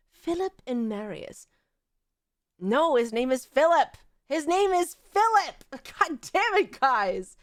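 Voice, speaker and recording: A woman streamer chats with her audience in a high, lively voice that swoops across a wide range. She talks at an unhurried pace and gushes and repeats her lines for emphasis. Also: no echo, clean studio sound. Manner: gushing and animated, with frequent laughs and repetition. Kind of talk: excitable casual stream chat.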